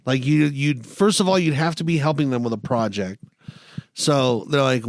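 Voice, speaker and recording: A man's voice: medium pitch, normal speed, no room sound, clean studio sound. A young man co-hosting a podcast, telling stories in casual chat, swearing freely and laughing as he goes. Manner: profane, storytelling with laughs. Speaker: podcast co-host.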